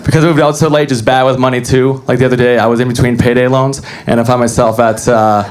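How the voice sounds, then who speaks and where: A man's voice: mid-range voice, fast talker, a crowd in the background. Young guy doing stand-up, dry self-mocking delivery into a handheld mic. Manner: deadpan self-deprecating delivery. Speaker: stand-up comedian. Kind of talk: stand-up comedy set. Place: comedy club stage with live audience.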